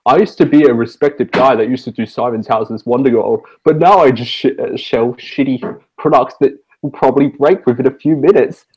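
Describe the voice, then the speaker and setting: A man's voice: mid-range voice, moderate pace, darkish tone, slightly rough, rough recording. A man with an Australian accent voicing a washed-up male TV personality who now sells cheap products. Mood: self-pitying.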